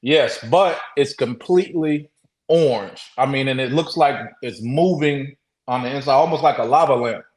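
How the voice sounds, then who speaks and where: A man guest telling a story in casual talk. He speaks haltingly, with many restarts, and acts out the quotes. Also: mid-range voice, a little mellow, reverberant, rough recording. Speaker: interview guest.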